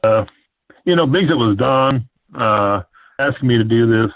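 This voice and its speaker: An older man from the Midwest spins long rambling road stories about his wrestling days, full of ums and false starts. His voice sits at an ordinary pitch for a man, recorded close and dry with no room sound. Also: lively intonation, moderate pace, no echo, rough recording. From American Midwest. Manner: rambling, many fillers and restarts. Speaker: retired pro wrestler, guest. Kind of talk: storytelling interview.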